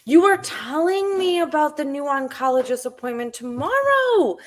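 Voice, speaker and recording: A woman's voice: high voice, big pitch swings, moderate pace. A woman chatting on a casual livestream at home, blunt and profane in her talk.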